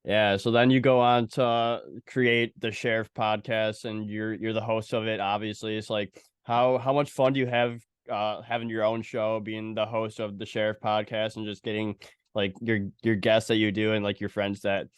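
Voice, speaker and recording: A young man hosts a sports podcast, asking questions in a low, level voice that often stumbles and restarts. His tone is smooth and clear. The sound is close and dry. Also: flat delivery, normal speed, no room sound. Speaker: podcast host. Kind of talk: casual interview chat.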